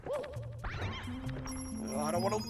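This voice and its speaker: A man's voice: high voice, wildly swooping pitch, a little slow. A man streaming a video game, chatting casually and rambling, swearing when things go wrong. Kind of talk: casual gameplay commentary. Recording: game music playing clearly under the voice. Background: game music.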